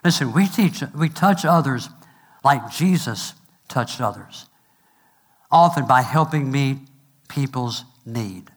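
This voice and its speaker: A middle-aged male pastor preaching a sermon, asking "amen?" and slowing down to stress each point. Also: mid-range voice, lively intonation. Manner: preaching with call-and-response and numbered points; slows to stress phrases, quick asides.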